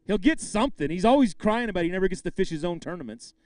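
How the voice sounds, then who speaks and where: High-voiced man emceeing a fishing weigh-in. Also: expressive, fast talker, no echo. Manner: hypes and banters with anglers, shouts the weights. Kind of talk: live weigh-in announcing.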